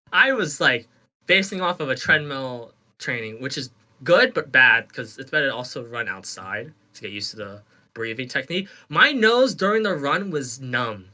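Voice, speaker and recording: A man chatting casually on a podcast, spinning a story with loose fillers. His pitch moves around a lot, and his voice has a bright tone. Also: normal speed. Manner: animated storytelling, frequent laughs and fillers. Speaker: podcast co-host. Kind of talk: casual chat.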